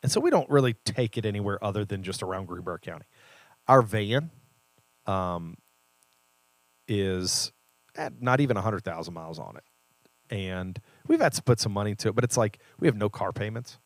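A man's voice: on the low side, expressive, normal speed, long pauses, no room sound. A man from a church, talking earnestly and reflectively about faith in a casual conversation. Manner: earnest, reflective, builds to emphatic points. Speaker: church leader and podcast co-host.

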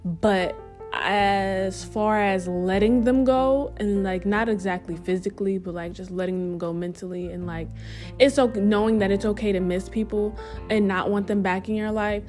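A woman's voice: medium pitch, fairly even intonation, moderate pace, darkish tone, faint music behind. A young woman hosting her own podcast, talking casually and reflectively, interrupting herself with playful asides and repeating her advice for emphasis. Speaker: podcast host.

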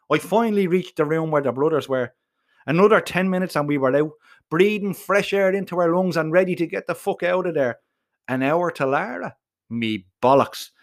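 A man with an Irish accent telling a comic first-person story in a profane, colloquial and animated way. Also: fairly high pitch. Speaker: narrator.

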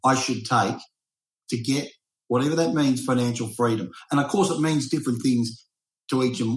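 A man hosting an interview, telling stories in a lively, animated way. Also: mid-range voice, normal speed, roomy sound, rough recording. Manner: animated, storytelling. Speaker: podcast host. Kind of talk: casual interview chat.

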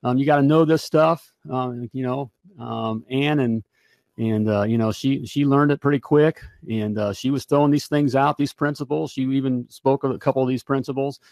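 A man's voice: mid-range voice, steady tone, moderate pace, a little mellow, dry recording. A man hosting a podcast and wrapping up the show in a rambling, upbeat way, with lots of fillers. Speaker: podcast host. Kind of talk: casual show wrap-up.

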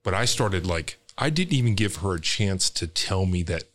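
Man, very low voice, podcast guest, candid emotional storytelling, casual swearing. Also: animated, moderate pace, a bit bright. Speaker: real estate entrepreneur. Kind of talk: personal storytelling.

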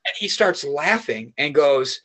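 A man with a slightly high voice tells long, rambling stories in an animated way. He swears freely in a loose, casual podcast chat. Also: a little slow, a little hiss or hum. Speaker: podcast guest.

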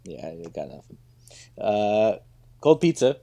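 A man's voice: on the low side, very animated, a little slow, mellow. A man co-hosting a casual comedy podcast, trading puns and reading mock ads with a jokey delivery. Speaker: podcast co-host.

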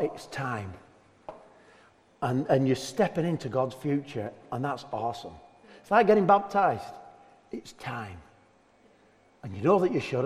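Animated pastor preaching, pitched high, reverb of a church hall. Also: male voice. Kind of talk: sermon.

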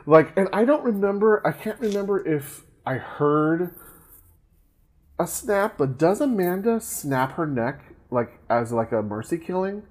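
A man's voice: a little high, lively intonation, measured pace. Chatty man rambling through a movie recap. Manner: rambling, laughs often, many fillers and restarts. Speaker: podcast co-host. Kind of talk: casual movie recap chat.

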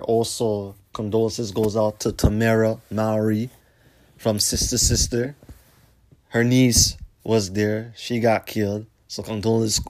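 A young man hosts his own show, talking in a low-pitched voice. His delivery is blunt and rambling, heavy with swearing and street slang. It sounds like a casual, unscripted monologue. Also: darkish tone. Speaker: host.

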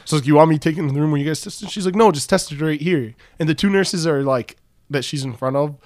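A man's voice: on the high side, fast talker, dry recording, clean studio sound. A young man co-hosting a casual podcast, animatedly telling a story and filling it with "like". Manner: animated anecdote-telling, heavy use of "like". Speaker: podcast co-host.

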